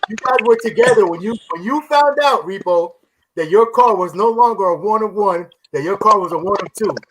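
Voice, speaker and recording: A man's voice: high voice, fairly quick. A man hosting a casual car podcast, eagerly setting up questions and tripping over repeated words. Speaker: podcast host. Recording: noisy recording.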